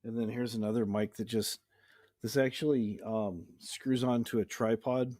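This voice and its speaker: A man's voice: mid-range voice, steady tone, normal speed, warm tone. A man casually showing off his home recording gear in a rambling, easygoing way. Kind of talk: casual show-and-tell chat. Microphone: webcam.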